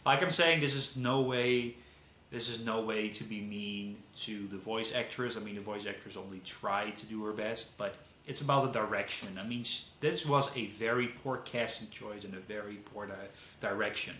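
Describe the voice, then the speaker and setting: Casting: a Dutch-accented man, emphatic, repeats himself, bright tone, echoey room. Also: fairly low pitch, fairly even intonation, normal speed, a little hiss or hum. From Netherlands. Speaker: video commentator. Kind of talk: casual commentary.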